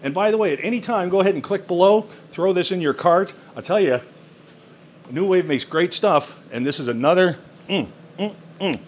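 A man hosting a cooking vlog, demonstrating a kitchen appliance at home with excited exclamations and frequent laughs. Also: sits high, normal speed, slight background noise. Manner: enthusiastic, exclamatory, laughing often. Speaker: cooking channel host. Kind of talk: product demo cooking vlog.

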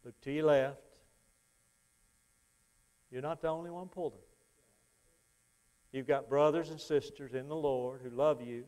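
A man preaching a revival sermon with emphatic exhortations, folksy humor and quieter storytelling. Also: mid-range voice. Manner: folksy, self-deprecating humor. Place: church sanctuary.

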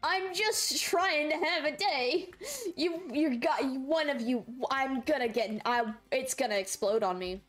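A woman's voice: sits high, a little slow, faint music behind. A young woman streaming a game live, chatting playfully and laughing a lot while viewers trolls her. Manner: playful, laughs often, squeals when chat trolls her. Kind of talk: live gameplay commentary.

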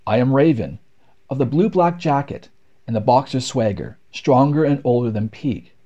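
A man's voice: mid-range voice, normal speed, mellow, highs cut off, natural voice. A man voicing a swaggering, cunning raven who boasts in a rapping cadence in a storybook poem. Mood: boastful.

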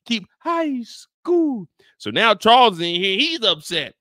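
A man's voice: sits high, very animated, measured pace, sharp tone, no room sound, studio quality. Emphatic man recapping a show. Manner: emphatic, slangy, acts out scenes. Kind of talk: animated recap commentary.

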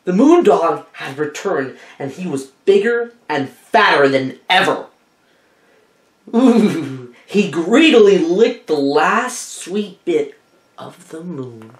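Woman, storybook read-aloud, lively sing-song pitch, slow pace, echoey room. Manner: animated, asks listeners questions. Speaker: teacher reading aloud.

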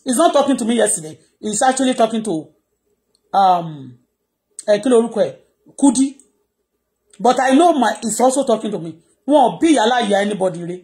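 Ranting with passion on a live social media stream, this Nigerian woman, whose first language is Yoruba, gets loud. She talks fast with frequent pauses, her fairly high voice dark in tone and lively in intonation.

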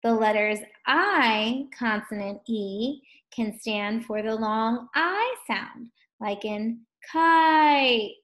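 A woman teaching a first grade phonics lesson at a distance, drawing out words slowly and gently asking young children questions. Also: on the high side, lively intonation. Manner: slow, drawn-out words sounded out for children.

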